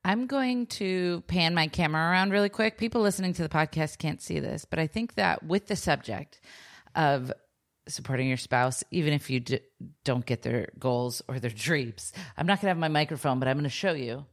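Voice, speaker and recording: A woman on a podcast, chatting in a dry, matter-of-fact way. Her voice is unusually deep for a woman. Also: normal speed. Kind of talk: casual chat.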